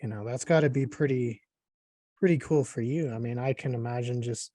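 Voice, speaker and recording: A man hosting a casual interview, talking in a relaxed, rambling way with lots of fillers. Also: medium pitch, fairly quick, no echo, clean studio sound. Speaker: podcast host.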